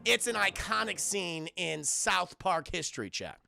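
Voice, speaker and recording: A man in his thirties doing a live spoiler film review, talking to his viewers in an animated, profane way. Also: high-pitched, unhurried, gravelly, soft background music. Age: 30s. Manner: animated, profane, laughs while retelling.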